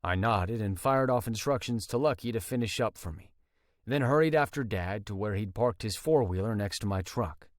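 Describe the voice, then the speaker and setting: A man narrating a first-person romance audiobook in an expressive, dramatic storytelling manner. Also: fairly low pitch, normal speed, no room sound, clean studio sound.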